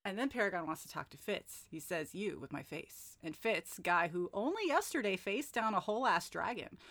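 A woman's voice: medium pitch, lively intonation, a little fast, a bit bright. Wry woman recapping a book. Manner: wry, joking recap with asides. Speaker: book podcast host. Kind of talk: casual book recap chat.

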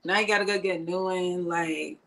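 A man's voice: sits high, steady tone, brisk, bright, forceful tone, no echo, poor audio. A man on a podcast panel, chatting casually with slangy, laughing asides. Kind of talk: casual chat.

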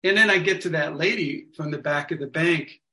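A man casually telling a story to an online study group, acting out what people said in lively quotes. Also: fairly high pitch, a little fast. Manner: animated, acts out other people's lines. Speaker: workshop leader telling a story. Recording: echoey room sound.

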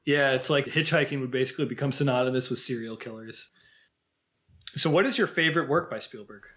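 A man's voice: mid-range voice, fairly quick, a bit bright. Chatty man co-hosting a film podcast. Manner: chatty, laughs easily, lists films. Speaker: podcast co-host. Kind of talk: casual film chat.

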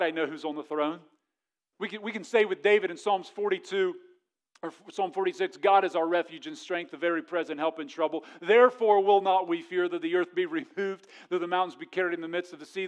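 A man in his thirties preaches a sermon with a notably high-pitched voice. He moves between loud, animated storytelling and hushed, earnest appeals to his congregation. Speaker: pastor.

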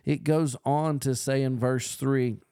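A man's voice: medium pitch, fairly even intonation, unhurried, warm tone, clean tone, dry recording, clean studio sound. A man preaching a podcast sermon in an earnest, emphatic way, building on repeated phrases.

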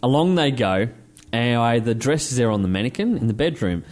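A man's voice: medium pitch, fairly quick. A man, hosting a casual podcast and retelling movie scenes with lots of swearing. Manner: swearing, animated storytelling. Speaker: podcast host.

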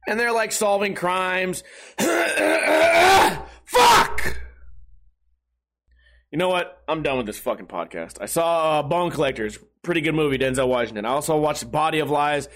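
A man hosting his own podcast, hoarse and with a failing voice, grumbling and cursing his way through a casual rant. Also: on the high side, animated, a little fast, hardly any pauses, a bit bright. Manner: profane, grumbling, self-deprecating. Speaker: podcast host.

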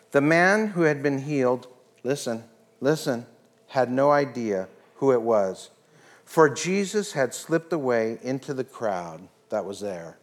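A middle-aged man preaching a sermon, telling a story with acted-out dialogue and soft, hushed moments. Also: fairly high pitch, expressive, unhurried. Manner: storytelling, acts out dialogue, drops to soft whispers. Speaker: pastor.

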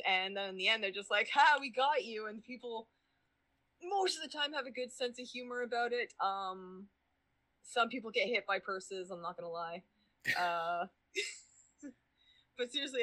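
A woman's voice: medium pitch, pushed and bright. A woman chatting casually as a podcast guest, rambling with lots of "um" and "like" and swearing freely. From Canada.

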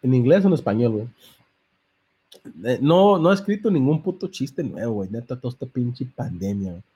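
A young man rattles off a story in a loose, profane way, hopping between English and slang. His voice is mellow and warm, sitting in an ordinary middle pitch. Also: expressive, fast talker, breathy edge. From San Jose, California. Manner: profane, laid-back, switching between English and Spanish slang. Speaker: comedian and podcast host. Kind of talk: casual joke-telling on a live podcast.

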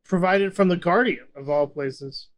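A man's voice: high voice, normal speed. A man co-hosting a casual podcast, joking, laughing often and reading bits aloud. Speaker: podcast co-host. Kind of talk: casual banter.

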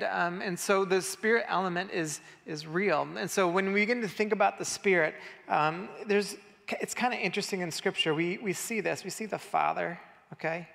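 A man's voice: high voice, gravelly, fairly bright tone. A man preaching a casual, conversational sermon and directing his congregation, talking loosely with fillers. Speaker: pastor. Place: church hall. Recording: reverberant hall.

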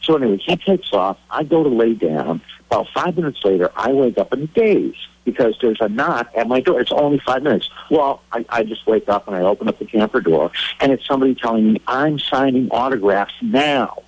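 A man, a cartoonist guest, telling an animated story over the phone, his voice rising when excited. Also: fairly quick, hardly any pauses, slightly rough, no echo, low-quality recording. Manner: animated anecdote teller, pitch climbing when excited.

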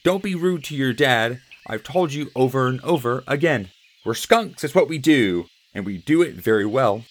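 A man's voice: mid-range voice, animated, moderate pace, close to an everyday voice. A man voicing a firm mother skunk in a storybook, scolding her son.

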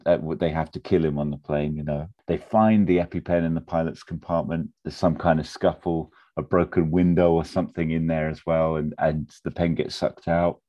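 A man, casually pitching a film plot in a rambling, animated way full of fillers and restarts. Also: dull audio.

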